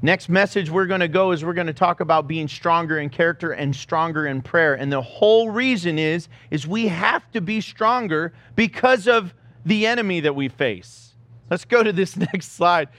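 A middle-aged man delivers a sermon in a high, bright-pitched voice. He tells a story against himself with lively energy and acts out each scene. The sound is dry and close, with no room echo. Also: moderate pace. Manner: animated storytelling, self-mocking, acts out the scenes. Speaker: pastor.

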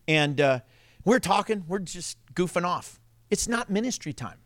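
A male pastor delivering a sermon, telling stories with laughter and dropping to a hush for emphasis. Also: high voice, normal speed, no echo. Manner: animated storytelling with laughs and sudden drops to a hush.

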